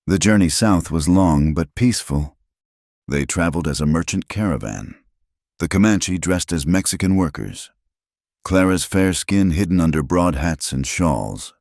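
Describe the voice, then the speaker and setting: A man reading a frontier tale as scripted narration in an even storytelling manner. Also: low voice, moderate pace, vocal fry, no room sound, studio quality.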